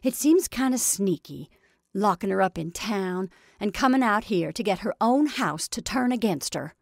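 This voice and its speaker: A woman voicing a stout, blunt farm wife who speaks firmly and more loudly than the narration. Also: medium pitch, expressive, unhurried, no room sound, studio quality. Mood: resentful. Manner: firm, forceful, louder than narration. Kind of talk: reading a short story aloud.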